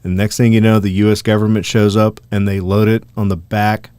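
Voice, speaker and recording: A man's voice: on the low side, a little fast, smooth, no room sound. A man co-hosting a podcast, telling a rambling story in casual chat with lots of swearing. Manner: profane, animated, rambling. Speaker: podcast co-host.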